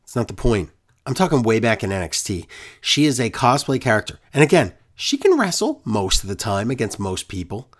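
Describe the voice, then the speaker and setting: A man talking in a casual recap chat, sarcastic and fed up. His voice swings up and down with lively inflection at an ordinary middle pitch. He keeps up a running, exasperated rant. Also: brisk. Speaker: wrestling podcast co-host.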